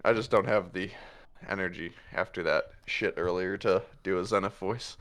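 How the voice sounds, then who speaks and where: A man narrating a tabletop game as game master, animated and casual, laughing and swearing as he talks. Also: low voice, normal speed.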